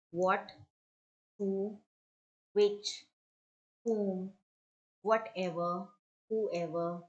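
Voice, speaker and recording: Slow, patient woman teaching grammar. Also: medium pitch, a little mellow, poor audio. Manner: slow, patient explaining with examples. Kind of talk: grammar lesson for children.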